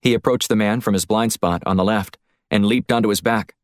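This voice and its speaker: A man reading a thriller audiobook in a steady, even storytelling voice, recorded close on a studio mic. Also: on the low side, fairly quick, no echo. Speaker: audiobook narrator. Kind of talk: scripted narration.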